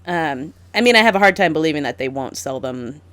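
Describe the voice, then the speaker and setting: A young woman co-hosting a casual podcast, talking in an animated, exasperated way with lots of "like". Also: low voice, brisk, no room sound. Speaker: podcast co-host. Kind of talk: casual chat.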